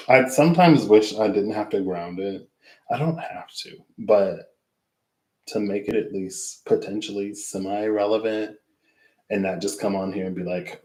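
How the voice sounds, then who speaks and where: A man's voice: on the low side, moderate pace, darkish tone, roomy sound, low-quality recording. A man closing a casual tarot reading, rambling and reflective, who often trails off into asides. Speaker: tarot reader.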